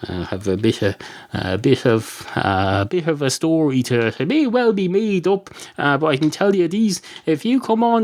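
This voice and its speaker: A man's voice: mid-range voice, a little mellow. A man hosting a solo comedy podcast, rambling and correcting himself with many fillers. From Ireland. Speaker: podcast host.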